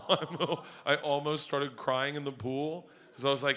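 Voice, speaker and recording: A middle-aged man telling profane stand-up stories, breaking into shouts. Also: a little high, fairly even intonation, slow, background noise. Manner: rowdy, profane storytelling with shouted bursts. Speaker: stand-up comedian. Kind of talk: stand-up comedy routine. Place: stage before a live audience.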